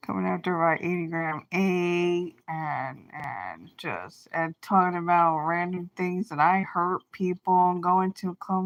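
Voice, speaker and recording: A woman livestreaming an angry, rambling rant full of swearing, trailing off and restarting her thoughts. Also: lowish voice. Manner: profane, rambling, venting with frequent restarts.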